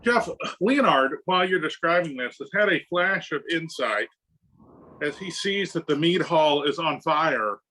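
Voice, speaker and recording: A man's voice: fairly high pitch, lively intonation, unhurried, pushed and bright. A man playing a tabletop game, joking in a wry, scheming way. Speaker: player.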